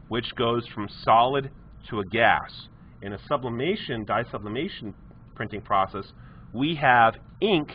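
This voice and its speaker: A man's voice: mid-range voice, a little hiss or hum. A man, a technology teacher giving a live classroom lecture with chatty storytelling asides to his students. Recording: muffled lo-fi classroom stream.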